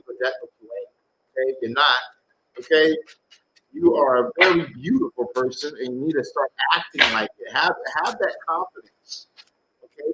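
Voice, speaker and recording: A man's voice: fairly high pitch, fairly bright tone, slight background noise, poor audio. A man giving live tarot readings to viewers, talking bluntly, animatedly and with casual swearing. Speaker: tarot reader.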